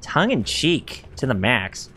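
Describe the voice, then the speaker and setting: A man streaming a video game, giving chatty, animated commentary full of reactions and jokes. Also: medium pitch, measured pace, soft background music. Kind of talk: casual let's-play commentary.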